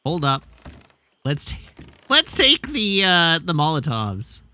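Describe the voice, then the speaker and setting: A man's voice: fairly high pitch, wildly swooping pitch, takes it slowly, bright, forceful tone. A man streamer giving casual gameplay commentary with wry, self-amused asides. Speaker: let's play streamer.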